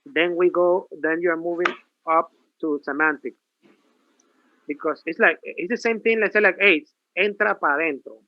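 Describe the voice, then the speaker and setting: A man's voice: high voice, normal speed, dull audio. A male professor giving a classroom grammar lecture, asking rhetorical questions and repeating himself. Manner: lively, repetitive, rhetorical questions.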